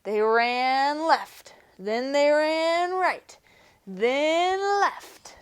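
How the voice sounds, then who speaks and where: Woman teacher reading a kids picture book, high voice, bouncy and slow. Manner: expressive, animated storytelling.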